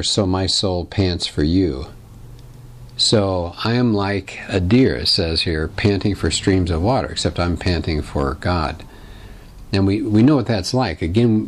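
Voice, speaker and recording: A man giving a classroom lecture, explaining in a conversational way and asking the class questions. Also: sits low. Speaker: teacher.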